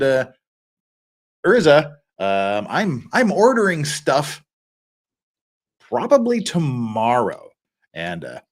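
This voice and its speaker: Middle-aged man, livestream host, chatty, laughs often, lively up-and-down pitch. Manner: chatty, reads out viewer comments, laughs often. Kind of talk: casual live-stream chat.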